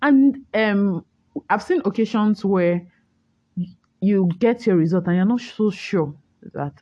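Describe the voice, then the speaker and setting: A woman's voice: lowish voice, a little slow, dry recording, highs cut off. A young woman hosting a casual morning talk show, chatty and teasing, explaining things to her listeners. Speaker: host.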